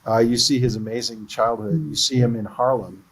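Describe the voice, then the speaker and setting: Man, film producer, mid-pitched voice, earnest storytelling, livestream interview. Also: steady tone, moderate pace, breathy edge, low-quality recording.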